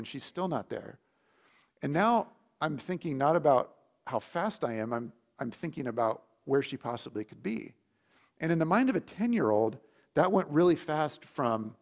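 A man preaching, telling a childhood story in a lively storytelling manner with big swings in loudness. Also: mid-range voice. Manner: animated storytelling with lively shifts in volume. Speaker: pastor. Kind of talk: sermon storytelling.

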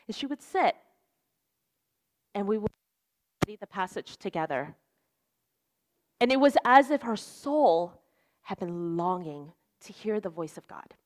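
A woman's voice: mid-range voice, lively intonation, measured pace, pauses often. A young woman preaching a sermon in an earnest, conversational way, with lots of "like" and "right?". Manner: casual, earnest, fillers like "like" and "right?".

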